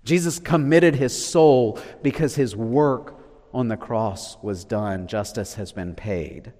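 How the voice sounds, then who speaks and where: A man preaching a sermon, swinging from loud declarations to hushed, low lines. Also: slow. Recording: long reverb of a large hall.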